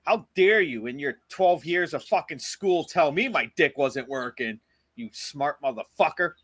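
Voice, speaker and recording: A man's voice: a little high, expressive, a bit bright. A man co-hosting a podcast, joking crudely and laughing along. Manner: joking, profane, quick to laugh. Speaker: podcast co-host. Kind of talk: crude casual chat.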